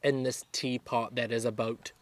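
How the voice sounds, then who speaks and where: A man's voice: medium pitch, level tone, moderate pace. A young man, co-hosting a casual podcast outdoors in a garden and retelling a film plot with lots of fillers. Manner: rambling storyteller, many fillers. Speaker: podcast co-host. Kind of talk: casual chat.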